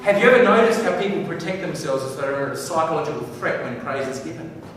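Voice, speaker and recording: A man giving an energetic, playful stage talk on body language to a live audience and directing them as he goes. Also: fairly high pitch, quick pace, crowd noise. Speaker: professional speaker. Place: large hall with a live audience. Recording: echoey hall recorded from far off.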